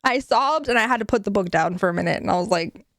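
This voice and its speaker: A woman's voice: medium pitch, expressive, fast talker, fairly bright tone, dry recording, clean studio sound. A woman streamer chatting casually with her viewers, giggly and playful, with casual swearing.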